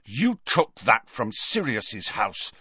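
A man voicing a hot-tempered teenage boy wizard who snarls and shouts in anger. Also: on the low side, big pitch swings, takes it slowly, husky, no room sound, highs cut off, heavily acted. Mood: angry.

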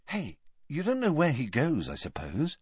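A man's voice: on the high side, wildly swooping pitch, moderate pace, a little mellow, slightly rough, dry recording, pitched above the performer's own voice, full character voice. A man voicing an awkward, earnest teenage boy in an audiobook reading. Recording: dull dry audiobook recording.

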